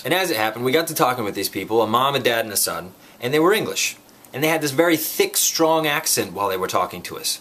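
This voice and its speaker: A man tells a funny story from his own life in a playful, deadpan way. He piles on wild exaggerations without breaking his steady, middle-pitched delivery. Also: brisk. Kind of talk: comic personal storytelling.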